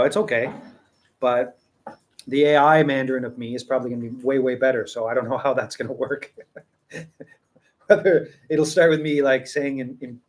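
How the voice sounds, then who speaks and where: A man hosting his own tea channel, talking casually to his viewers and often restarting his sentences. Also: mid-range voice. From Western. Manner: rambling, many restarts, chuckles. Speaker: tea seller and channel host. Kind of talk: casual talk to camera.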